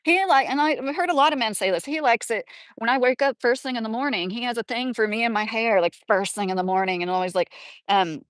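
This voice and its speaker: A woman's voice: fairly high pitch, a bit bright, dry recording. A woman in her thirties with a Southern American accent, rambling casually to viewers during a live stream, full of fillers and chatting back to comments. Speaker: livestream host.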